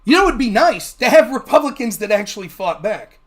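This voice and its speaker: A man's voice: high-pitched, big pitch swings, fairly quick. A man hosting a political livestream show, giving sarcastic, combative commentary. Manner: sarcastic and combative, switching into mocking voices.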